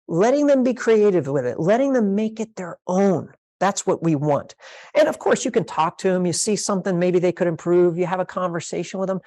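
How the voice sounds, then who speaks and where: A woman's voice: on the low side, a little mellow. A woman pastor teaching a leadership master class, emphatic and repeating her key phrases, sometimes playing out sample conversations.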